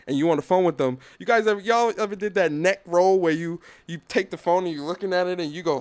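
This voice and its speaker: A man's voice: high-pitched, quick pace. A man hosting a podcast, ranting in opinionated solo commentary, swearing freely and acting out little dialogues. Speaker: podcast host.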